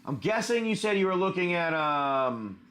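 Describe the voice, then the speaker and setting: Chatty male card-stream host, higher voice. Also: very animated, normal speed, a bit bright, slight background noise. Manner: chatty, greets viewers by name, many fillers. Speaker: live stream host opening card packs. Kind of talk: casual live stream chat.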